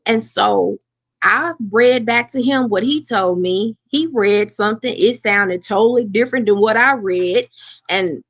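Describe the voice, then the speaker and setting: A woman co-hosting a casual chat, telling stories in an animated way with lots of exclamations. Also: medium pitch, measured pace, dry recording. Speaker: co-host.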